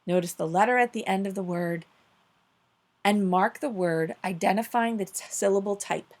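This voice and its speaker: A woman teaching a children's phonics lesson, upbeat and encouraging, slowing down to stress each word clearly. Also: mid-range voice. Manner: upbeat, encouraging, slow clear emphasis on words.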